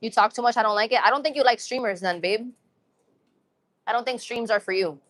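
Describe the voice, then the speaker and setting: A woman's voice: fairly high pitch, brisk, a bit bright, no echo. A young woman from Massachusetts with a New England accent and some urban slang, chatting casually and upbeat with viewers on her livestream, often repeating phrases. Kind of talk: casual live-stream chat with viewers.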